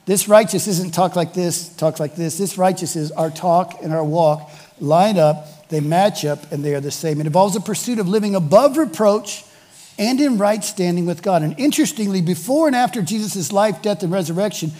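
A man's voice: high voice, moderate pace, dark tone, long reverb tail. A male pastor preaching a sermon with emphasis, repeating key phrases for weight.

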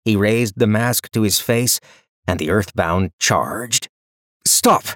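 Man, storybook narration, lowish voice, dry close sound. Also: slow pace, a bit bright, no echo. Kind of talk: scripted narration.

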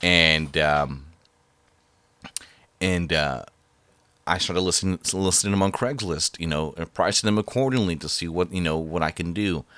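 A man telling a personal story in a casual, halting way, full of fillers and restarts. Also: low voice, fairly bright tone, no echo.

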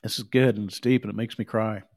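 A man's voice: fairly low pitch, fairly even intonation, fast, a little mellow. A man preaching a sermon in an emphatic, conversational way, often repeating his words.

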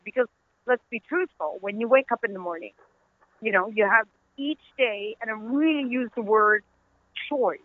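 A woman's voice: a little high, moderate pace, no room sound. A middle-aged woman with a Dutch accent, an author telling stories earnestly as an interview guest, laughing easily. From Netherlands. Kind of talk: conversational interview. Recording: tinny phone-line audio.

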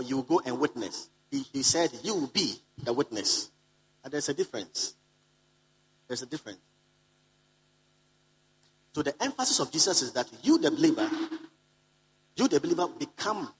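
A man's voice: medium pitch, poor audio. A man preaching a sermon to a live congregation, repeating key lines for emphasis and calling out to the listeners. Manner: calls out to the congregation. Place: conference hall.

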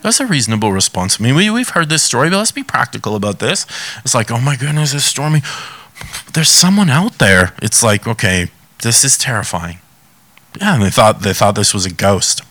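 A man preaching a sermon, reading scripture and asking animated rhetorical questions. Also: mid-range voice, fairly quick.

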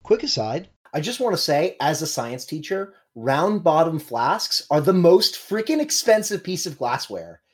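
A man running a tabletop game as game master, playful and animated. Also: a little high, a little slow, hardly any pauses, slightly rough.

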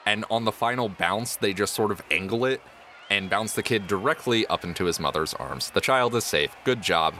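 A man's voice: on the low side, normal speed, bright, forceful tone, slight background noise. A man narrating as game master of a tabletop game, playful and often chuckling.

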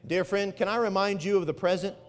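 A man's voice: sits high, fairly even intonation, a little fast, long reverb tail. A man preaching an Easter sermon as pastor, stretching key phrases and building to emphatic peaks. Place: church sanctuary.

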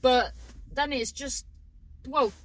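A woman's voice: sits high, fairly even intonation, slow pace, rough recording. Rambling, sweary woman. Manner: rambling, chatty and sweary, trailing off mid-sentence. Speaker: vlogger. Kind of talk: casual chat to camera.

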